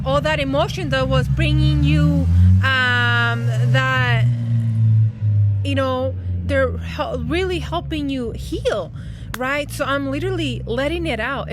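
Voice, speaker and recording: Outdoors, a woman with a high voice records a casual, heartfelt vlog as a spiritual coach. She rambles comfortingly, using many fillers, and there's heavy background noise.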